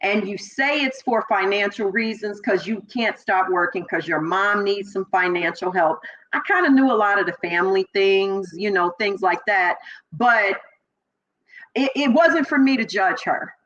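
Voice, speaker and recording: A middle-aged woman from Chicago, a former police officer, telling her story as an interview guest and acting out the voices of people she quotes. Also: normal speed. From Chicago, Illinois. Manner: animated, acts out quoted voices with big pitch jumps. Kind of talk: personal storytelling in conversation. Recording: slightly dull lo-fi audio.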